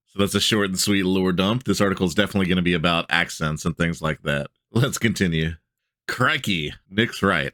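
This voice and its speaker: Laid-back male host, deep voice, reading and commenting, close dry mic. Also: a bit bright, dry recording. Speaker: tabletop game channel host. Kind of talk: reading a blog aloud with casual commentary.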